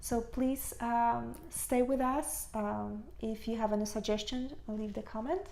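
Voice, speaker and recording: A woman co-hosting a casual chat over wine, giving business advice in a relaxed way. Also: a little high, measured pace, vocal fry. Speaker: small business owner, co-host.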